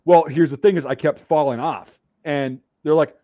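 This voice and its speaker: A man hosting a casual talk, telling a profane story and acting out drill sergeants' shouts. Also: a little high, normal speed, no room sound, muffled recording. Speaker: podcast host.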